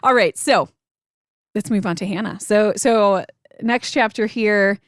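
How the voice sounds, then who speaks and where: A woman in her thirties, a podcast co-host, telling a story in a casual faith chat, animated and laughing often. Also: medium pitch, measured pace, no room sound, clean studio sound.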